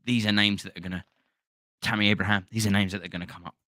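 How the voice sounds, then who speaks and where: Male podcast host, bright tone, loose casual chat, dry recording. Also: lowish voice, steady tone, fast, no echo. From London, England. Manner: chatty, swears freely, thanks viewers by name. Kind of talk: casual live-stream chat reading comments.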